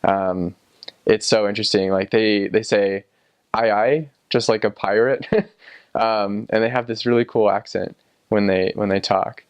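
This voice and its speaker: A young man who served as a missionary, casually recalling his time abroad in a relaxed, rambling way with many fillers and restarts. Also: lowish voice, moderate pace, smooth, no echo, dull audio. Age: young adult. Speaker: returned missionary. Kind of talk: casual personal recollection.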